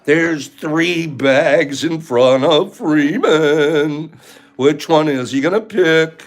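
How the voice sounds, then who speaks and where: A man hosting a playful live-stream giveaway, calling out names loudly in a singsong way. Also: on the high side, extremely slow, soft background music.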